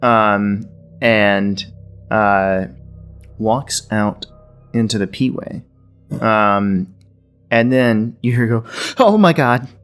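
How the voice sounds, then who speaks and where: Man, game master, lowish voice, hesitant narration, faint music behind. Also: level tone, extremely slow, long pauses, fairly bright tone, smooth. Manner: loose, hesitant narration with fillers.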